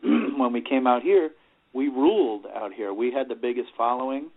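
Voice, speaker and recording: A middle-aged rock singer from New York, appearing as an interview guest, tells stories in a loose, rambling way, filling gaps with "you know" and acting out the voices of people he quotes. His husky voice is mid-range and moves at normal speed. The audio sounds tinny, as if over a phone.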